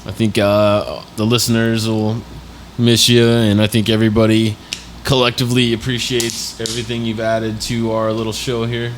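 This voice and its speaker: A man hosting a casual podcast, relaxed, with hesitant fillers as he introduces fan messages. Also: on the low side, moderate pace, hardly any pauses, a little hiss or hum. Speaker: podcast host.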